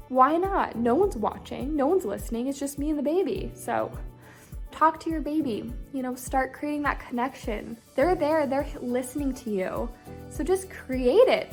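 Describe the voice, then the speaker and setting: A woman's voice: high voice, expressive, measured pace, faint music behind. A young woman vlogging in a casual, upbeat, chatty way, addressing her viewers directly. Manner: upbeat, chatty, acts out quoted voices. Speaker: lifestyle vlogger. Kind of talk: casual talk to camera.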